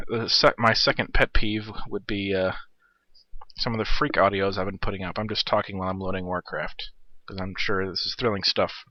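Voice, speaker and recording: A man's voice: lowish voice, fairly even intonation, normal speed, dry recording, highs cut off. A man in his thirties giving casual, rambling game replay commentary, irreverent and profane. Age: 30s.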